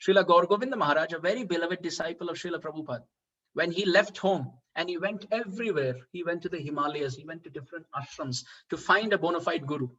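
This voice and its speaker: A man's voice: fairly high pitch, quick pace, husky, highs cut off. A man giving a devotional talk, telling a story animatedly with frequent fillers. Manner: animated, acts out quoted dialogue, frequent "uh" fillers. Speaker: speaker at a devotional festival. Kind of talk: storytelling sermon.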